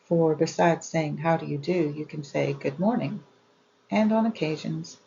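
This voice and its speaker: Woman reading with a gravelly edge. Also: low voice, moderate pace, dark tone, highs cut off, a little hiss or hum. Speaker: audiobook reader. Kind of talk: reading an old etiquette book aloud.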